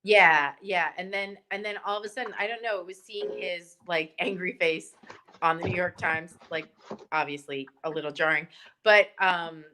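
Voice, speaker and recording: A woman guest on a talk show, telling stories in a casual, animated, rambling way, full of "like" and "um.". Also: fairly low pitch, normal speed, crowd noise. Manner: animated, rambling, many likes and ums. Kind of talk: casual storytelling chat.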